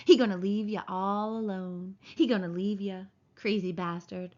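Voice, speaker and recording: A woman's voice: mid-range voice, steady tone, moderate pace, a little mellow, natural voice. A woman reading aloud, voicing a giant imaginary rabbit that is scornful and taunting, with a sneering manner. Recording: dull lo-fi recording.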